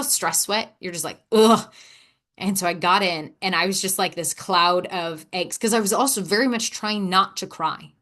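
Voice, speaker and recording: A woman's voice: on the low side, fairly bright tone. A woman hosting a podcast, chatting in a casual monologue and acting out little quoted exchanges as she tells a story. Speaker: podcast host.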